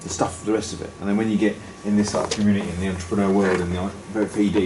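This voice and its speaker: Deep-voiced man in group discussion. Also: little pitch movement, racing, hardly any pauses. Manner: rambling, wry, plain-spoken. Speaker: audience member. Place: meeting room. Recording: echoey room, noisy.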